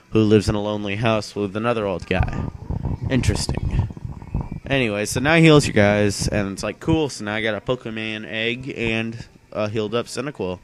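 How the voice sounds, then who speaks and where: A man's voice: fairly low pitch, normal speed. A young man casually commentating his video game playthrough, rambling offhandedly with lots of "um" and "yeah". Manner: rambling, filler-heavy, offhand. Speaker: gaming channel host.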